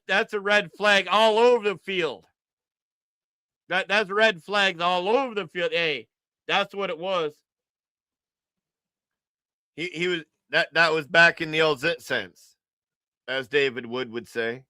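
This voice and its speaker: A man's voice: high-pitched, unhurried, pauses often, sharp tone, smooth, no room sound. A man hosting a livestream, giving casual, joking reaction commentary and repeating his phrases. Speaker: livestream host.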